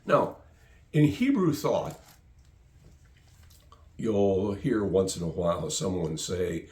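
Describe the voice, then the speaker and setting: A man's voice: low-pitched, big pitch swings, slow, long pauses, mellow. A male pastor preaching a sermon, emphatic and fond of repeating phrases for stress. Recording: roomy echo.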